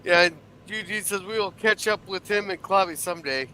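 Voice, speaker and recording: A man's voice: high-pitched, fairly quick, crowd noise. A man hosting a group live stream, steering the talk and reading chat.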